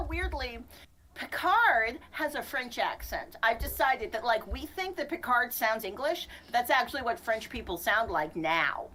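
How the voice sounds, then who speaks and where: Animated, laughing woman co-host. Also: on the high side, a little hiss or hum. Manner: animated, laughs often, quick asides. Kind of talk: casual livestream chat.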